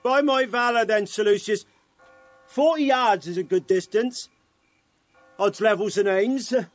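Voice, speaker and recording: An actor playing a boastful but cowardly country squire who swears quaint oaths. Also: male voice, high voice, unhurried, no echo, faint music behind. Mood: blustering. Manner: blustering, oath-swearing, nervous.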